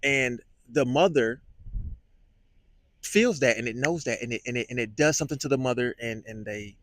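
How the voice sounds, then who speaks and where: A man vlogging a reflective monologue, musing and halting, often repeating words with many fillers. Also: mid-range voice, fairly bright tone, slight background noise.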